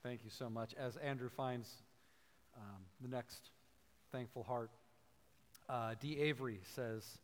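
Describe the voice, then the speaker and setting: A man's voice: medium pitch, fairly even intonation, slow, long pauses. A man leading a church service, thanking speakers and reading out notes. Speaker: service leader. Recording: long church hall reverb.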